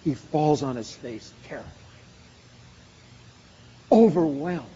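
A man with a fairly high voice preaches a sermon, building emphasis through repeated phrases. The sound is dull and muffled. A long reverb from a large hall hangs behind his words. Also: expressive, takes it slowly, dark tone, husky. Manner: emphatic, repetitive preaching cadence.

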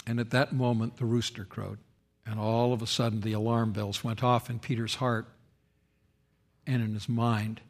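A male pastor delivers a sermon in a voice of middle pitch. He shifts his volume a lot, rising loud for emphasis and falling soft and solemn. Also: moderate pace. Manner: expressive preaching, rising loud for quoted speech and dropping soft for solemn lines.

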